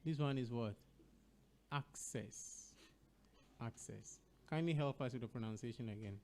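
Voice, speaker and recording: Slight background noise accompanies a Ghanaian-accented man hosting an educational radio show. His mid-range voice has a warm tone, and he speaks slowly and carefully, spelling words letter by letter.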